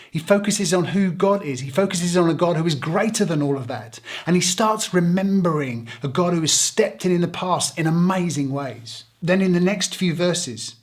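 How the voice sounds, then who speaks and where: An English man preaching a sermon as a pastor, earnest and conversational, asking rhetorical questions. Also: fairly high pitch.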